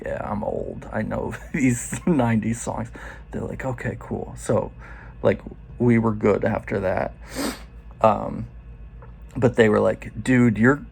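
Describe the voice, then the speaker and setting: A man's voice: mid-range voice, gravelly, a little mellow. A man in his forties telling a loose, profane story in a casual first-person way. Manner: loose and profane, quoting others in quick asides.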